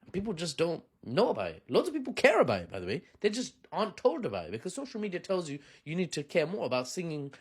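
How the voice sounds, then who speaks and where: Male vlog host, casual chatty commentary, lively swooping intonation, jokey and self-mocking. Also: fairly high pitch, quick pace, slightly rough. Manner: joking, chatty, laughs often, self-deprecating asides. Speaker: video host.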